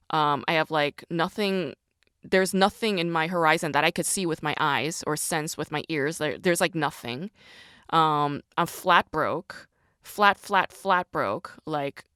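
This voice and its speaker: A woman with a fairly low voice hosts a podcast, venting in a loose, profane, emphatic monologue. She keeps turning her questions back on herself. The sound is dry, with no room around her. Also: fairly bright tone, clear, resonant tone, dry recording. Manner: confessional and self-questioning. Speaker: podcast host.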